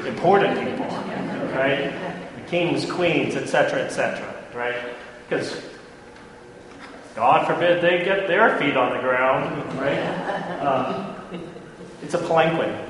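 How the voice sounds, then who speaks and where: A man giving an informal classroom lecture, chatty and constantly checking in with his listeners. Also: a little high. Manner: chatty, checks in often with "right?". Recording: echoey hall, faint room noise.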